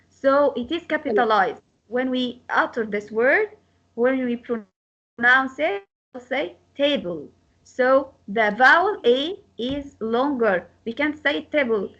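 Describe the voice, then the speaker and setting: A woman teaching an English lesson, repeating words slowly to model their pronunciation. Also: sits high, fairly bright tone. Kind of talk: classroom lecture. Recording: slightly dull lo-fi sound.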